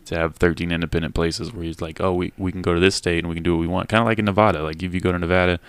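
Fast-talking deep-voiced man, blunt. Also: level tone, smooth, no room sound. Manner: blunt, opinionated, rambling with many "like" fillers. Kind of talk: casual podcast chat.

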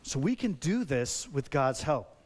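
A man preaching a sermon as a pastor, talking conversationally with many rhetorical questions and lively, animated delivery. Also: mid-range voice, measured pace.

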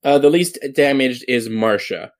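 A man running a tabletop game as game master, talking in a halting way full of ums. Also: medium pitch, lively intonation.

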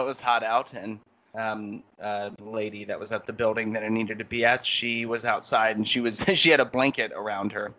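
A man co-hosting a casual podcast, rambling animatedly through a story with plenty of ums and restarts. His voice is bright and forward, set at an ordinary middle pitch. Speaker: podcast co-host. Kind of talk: casual chat.

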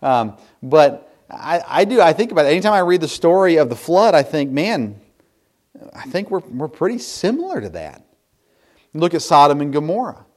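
A man's voice: fairly high pitch, sing-song, moderate pace, darkish tone. A man preaching a sermon as a pastor, earnest and explaining scripture, often repeating words as he thinks aloud.

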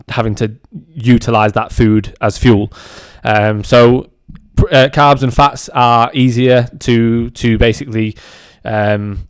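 Smooth, dry-sounding man explaining. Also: lowish voice, dry recording. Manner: conversational, many ums and restarts. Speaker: podcast host. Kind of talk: educational monologue. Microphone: audio-only recording.

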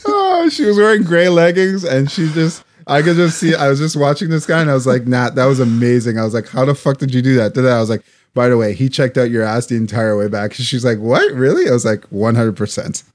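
A man co-hosting a podcast, telling a story in casual chat, animated and swearing freely. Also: mid-range voice, a little fast. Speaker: podcast co-host.

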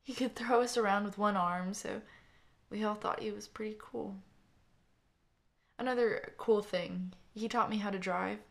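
A woman narrator voicing a grieving young woman who gives a halting, tearful eulogy for her brother. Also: medium pitch, steady tone, creaky. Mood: reminiscing.

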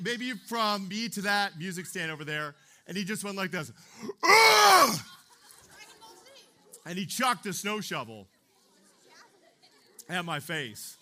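Young guy youth pastor preaching, high voice, super bright, keeps going "okay? right?". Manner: chatty, keeps asking the room "okay?" and "right?". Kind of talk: youth sermon.

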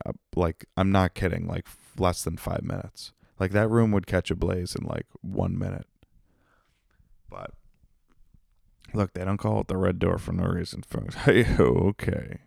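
Low gravelly man ranting on his podcast. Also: a little mellow, no room sound, clean studio sound. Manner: rambling, swears constantly, self-deprecating jokes. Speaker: podcast host. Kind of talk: casual profane monologue.

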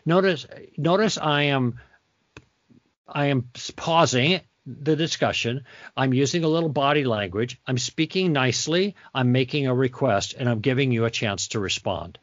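A man's voice: medium pitch, moderate pace, no echo. Man, author guest, teacherly explainer who plays out sample dialogue; plain mid voice, dull dry lo-fi sound. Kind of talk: interview, explaining conversation tactics.

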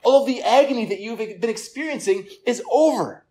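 A pastor preaching a sermon to a gathered congregation. The delivery is earnest, often repeats words, and falls quiet for emphasis. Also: medium pitch, expressive, a little fast. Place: church service room with listeners.

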